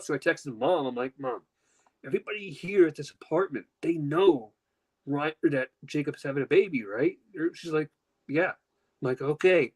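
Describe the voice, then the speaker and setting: A man's voice: moderate pace, husky, poor audio. A man casually telling a long personal story on a podcast, acting out the quotes and swearing freely. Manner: animated, acts out quotes with pitch jumps, swears casually. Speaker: podcast host.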